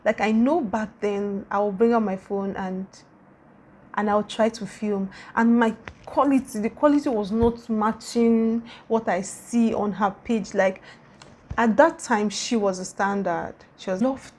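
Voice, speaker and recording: A young Nigerian woman YouTuber with a Nigerian accent talks casually in a vlog at a measured pace, her medium-pitched voice steady in tone. She gushes with warm, repetitive praise.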